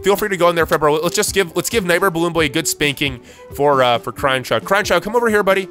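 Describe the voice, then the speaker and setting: A young man hosting an improvised game roleplay, talking excitedly with stammers and sudden yelps. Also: a little high, fast, faint music behind. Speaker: roleplay host.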